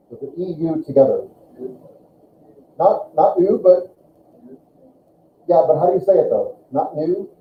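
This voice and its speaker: A male teacher giving a classroom language lesson, slowly drawing out sounds as he demonstrates them. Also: on the high side, a little hiss or hum. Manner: slow, drawn-out demonstration of sounds. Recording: echoey classroom over a tinny line.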